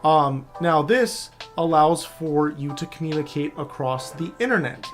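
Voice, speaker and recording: A cybersecurity instructor, a man with a fairly high, animated voice, talks a little slowly over soft background music. In a screen-share tutorial he casually explains networking basics, keeping it loose and addressing the viewer directly with frequent "all right?" check-ins.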